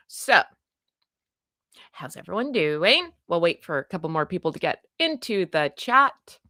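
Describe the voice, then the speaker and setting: Loud chatty canadian lady on a home livestream, bright voice, dry close mic. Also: lowish voice, big pitch swings, measured pace, no echo. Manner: chatty, greets viewers by name, self-deprecating. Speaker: livestream host. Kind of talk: casual livestream chat. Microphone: desk microphone.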